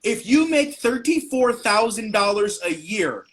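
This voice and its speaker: A man's voice: high-pitched, very animated, a little slow, husky. A male podcast host on a live stream, talking in a combative, profane, mocking rant.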